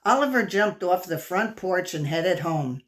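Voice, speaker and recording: Brief: a woman reading a children's book aloud, slow and engaging, asking the kids questions. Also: on the low side, lively intonation. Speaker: storyteller.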